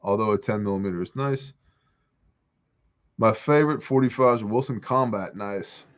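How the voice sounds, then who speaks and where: A man's voice: on the low side, moderate pace, muffled recording. Joking man hosting a porch livestream. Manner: joking, animated, reads chat aloud. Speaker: livestream host answering viewer questions. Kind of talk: casual livestream chat reading comments. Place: outdoors on a porch.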